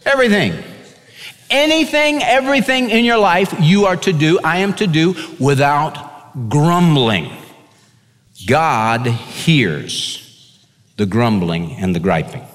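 A man preaching a radio sermon as a pastor, animated, swinging his pitch and pace and acting out whiny kids. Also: slow, long reverb tail.

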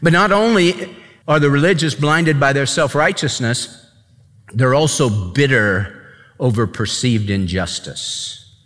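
A man's voice: medium pitch, measured pace, a bit bright, big-room sound. A man preaching a sermon as a pastor, emphatic and conversational, speaking straight to the congregation.

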